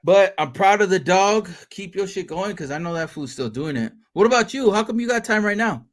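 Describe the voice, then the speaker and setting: Animated, high-voiced man in casual banter. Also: fairly quick. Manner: animated, profane, laughing banter. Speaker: host of a livestream chat. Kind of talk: casual chat.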